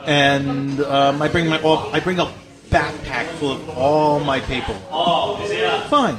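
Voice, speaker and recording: A man co-hosting a talk show, telling a story in casual chat and acting out the quotes with animation. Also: measured pace. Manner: animated, acts out quotes, rises in pitch when excited. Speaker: podcast co-host. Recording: music playing loudly behind.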